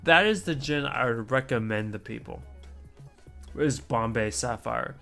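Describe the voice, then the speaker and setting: A man's voice: medium pitch, unhurried, gravelly, a bit bright, soft background music. A man streaming a casual chat, talking in a rambling, chatty way with asides and mild swearing.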